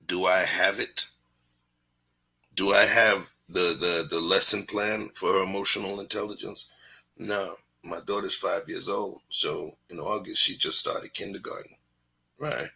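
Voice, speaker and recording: Low raspy dude hosting a chill talk show, bright edgy tone, slangy and preachy. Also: male voice. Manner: laid-back, preachy storytelling with slang. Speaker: host. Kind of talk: casual podcast talk.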